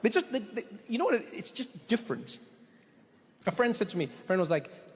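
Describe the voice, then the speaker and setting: Brief: stand-up comic, high voice, lively storyteller. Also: male voice, brisk, breathy edge. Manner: animated storytelling with stammered repeats. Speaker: stand-up comedian. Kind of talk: stand-up comedy routine.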